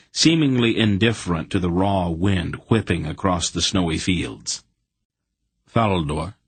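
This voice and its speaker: A man narrating an audiobook in a measured storytelling manner. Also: sits low, husky, dry recording.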